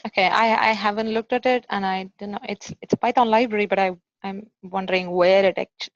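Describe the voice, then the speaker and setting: A woman presenting her software work in a casual online meeting, hesitant and full of fillers. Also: medium pitch, fairly even intonation, a little fast, dry recording, dull audio.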